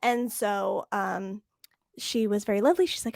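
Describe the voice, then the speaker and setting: A woman's voice: mid-range voice, fairly even intonation, moderate pace, gravelly, darkish tone, dry recording, clean studio sound. A woman co-hosting a podcast, telling a story in casual chat and acting out the dialogue. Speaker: podcast co-host.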